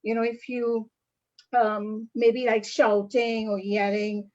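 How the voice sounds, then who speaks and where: A woman's voice: on the high side, flat delivery, slow pace, a little mellow, muffled recording. A woman student in an online class, answering the teacher's questions in a thoughtful, careful way. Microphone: video call.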